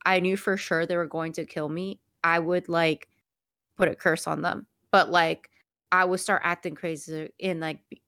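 A young woman co-hosting a casual chat, telling a story in a chatty, drawn-out way with many fillers. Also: on the low side, little pitch movement, fairly bright tone, no room sound, studio quality.

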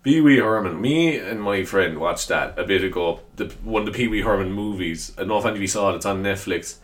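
A man's voice: low voice, fast talker, fairly bright tone. A man hosting a solo podcast, chatting casually in a rambling, self-deprecating way and laughing often. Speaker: podcast host.

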